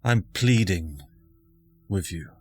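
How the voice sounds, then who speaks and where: A man voicing a weary, solemn woman leader in a tabletop game, pleading in a grave, measured way. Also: low voice, pushed and bright, no room sound, heavily acted.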